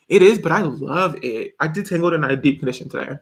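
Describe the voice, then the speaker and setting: A man's voice: a little high, expressive, fast, pushed and bright. A man hosting a casual live stream, answering viewers' questions in a jokey, rambling way and laughing often. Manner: chatty and rambling. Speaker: video host.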